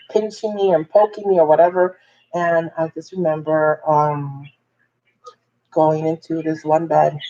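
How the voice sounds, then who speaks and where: A woman's voice: low voice, mellow, dull audio. A woman vlogger telling a personal story in a candid, rambling way, full of fillers and restarts.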